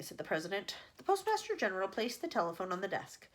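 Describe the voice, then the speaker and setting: A woman's voice: a little high, big pitch swings, fast talker, few pauses, fairly bright tone. A woman teacher reading a chapter book aloud to children, breaking off for chatty asides.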